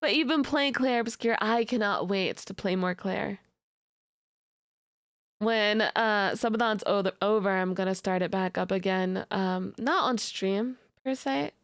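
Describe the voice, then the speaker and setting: A woman's voice: medium pitch, unhurried, no echo, clean studio sound. A young adult woman streamer chatting casually with her audience, giggly and playfully teasing. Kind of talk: casual live-stream chat.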